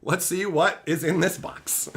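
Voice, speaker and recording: A man's voice: high voice, vocal fry, fairly bright tone. A man streaming live, chatting with viewers in brash, joking banter and swearing constantly.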